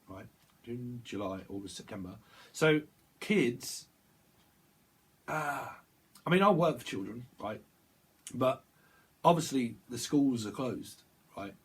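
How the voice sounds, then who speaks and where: A husky-voiced man delivers a tarot reading. His talk wanders and loops, with repeated phrases, half-finished sentences and quick self-corrections. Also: medium pitch. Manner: rambling, self-interrupting, repeats words, laughs at himself. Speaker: tarot reader. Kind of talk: rambling tarot reading monologue.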